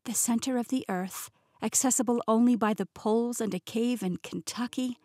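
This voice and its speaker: A woman's voice: on the high side, normal speed, mellow, dry recording, voice pushed up, lightly acted. Young heroine gal asking wide-eyed questions, narrator doing her, dry audiobook sound. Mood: curious. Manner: curious, incredulous questions. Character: young woman heroine, wary and amazed. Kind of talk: audiobook character voice.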